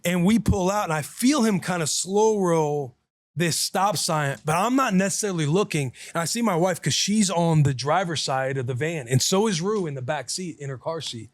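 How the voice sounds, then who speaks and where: A man's voice: on the high side, moderate pace, dry recording. A man in his thirties, a podcast host, animatedly telling a story in casual chat and acting out the people in it. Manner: animated, profane, quotes people in dialogue.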